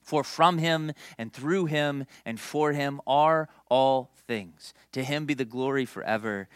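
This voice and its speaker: A young man preaching a sermon in a conversational, animated way, with storytelling and asides to the congregation. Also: mid-range voice, unhurried, smooth, no echo, studio quality. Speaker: pastor.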